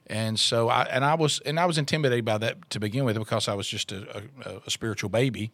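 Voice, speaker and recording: A man's voice: mid-range voice, fast talker, hardly any pauses, fairly bright tone, no echo. A middle-aged man, a radio co-host telling his story in an interview, rambling with restarts and fillers.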